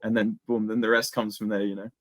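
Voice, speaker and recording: A young Australian man chatting casually as an interview guest, slangy and relaxed, full of "dude" and "man". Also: on the low side, fast talker, dry recording. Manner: laid-back, slangy, lots of "dude" and "man". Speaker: guest, MMA impressionist.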